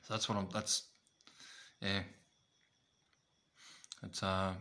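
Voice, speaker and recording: An Australian man with a fairly low voice rants straight to camera. He talks bluntly, swears freely and keeps repeating his points. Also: flat delivery, moderate pace, pauses often, bright, forceful tone. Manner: blunt, profane, repetitive. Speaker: vlogger. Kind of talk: ranting to camera.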